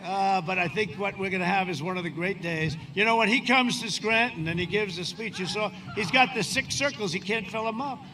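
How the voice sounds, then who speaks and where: A man's voice: high voice, fairly quick, few pauses. A man in his seventies giving a boastful, rambling campaign speech with sarcastic asides at a windy outdoor rally. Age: 70s. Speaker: politician addressing a rally.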